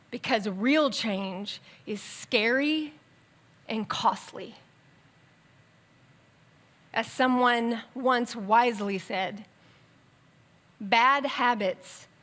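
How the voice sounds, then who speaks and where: Woman preaching in church, higher voice, chatty and animated, speeds up then slows down for emphasis. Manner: conversational, animated with asides and quick bursts. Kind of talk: sermon. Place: church sanctuary.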